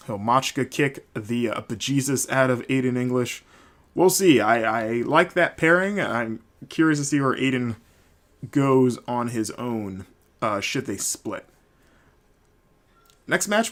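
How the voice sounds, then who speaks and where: A man's voice: medium pitch, a bit bright. A man hosting a solo wrestling recap podcast, rambling casually with many fillers and restarts. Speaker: podcast host.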